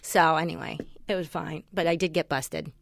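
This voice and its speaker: A woman's voice: low voice, normal speed, gravelly, dry recording, studio quality. A woman in her thirties co-hosting a podcast, chatting casually and swearing freely as she tells stories. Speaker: podcast co-host. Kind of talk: casual chat.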